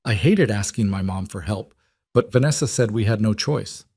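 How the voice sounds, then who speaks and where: A man's voice: lowish voice, moderate pace, darkish tone, slightly rough, dry recording. A man reading as a weak, pleading grown son. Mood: defensive. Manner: pleading, apologetic.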